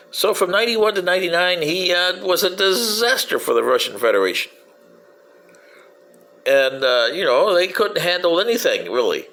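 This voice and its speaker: A man with a high, sharply bright voice rambles through a comic history talk. His pitch leaps all over the place as he argues with himself and lets out whoops. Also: big pitch swings, moderate pace. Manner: rambling, talks back to himself, whoops "yoo-hoo". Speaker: commentator. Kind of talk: rambling comedic history monologue.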